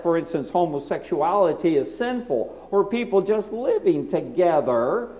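Male preacher, high lively voice, mellow tone, dull lo-fi sound, loud emphasis dropping to hushed asides. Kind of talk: sermon. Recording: dull lo-fi recording.

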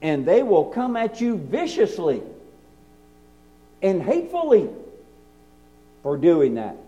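A man preaching a sermon, swinging from loud emphasis to quiet, hushed asides. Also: sits high, very animated, takes it slowly. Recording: dull lo-fi recording.

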